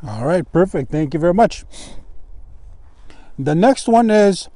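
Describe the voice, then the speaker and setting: A man teaching pronunciation of Cree words, slow and patient, repeating each word syllable by syllable. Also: high voice, animated, dark tone. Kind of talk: language lesson.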